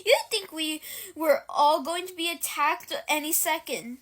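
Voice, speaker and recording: A woman's voice: high voice, measured pace, fairly bright tone. A woman reading aloud from a storybook and voicing an annoyed teenage boy who mutters. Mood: muttering.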